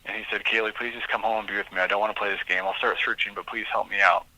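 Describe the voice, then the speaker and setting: A man's voice: fairly low pitch, flat delivery, racing, sharp tone, no room sound, rough recording. A man, a police lieutenant, being interviewed and reading messages aloud, emotional and hesitant.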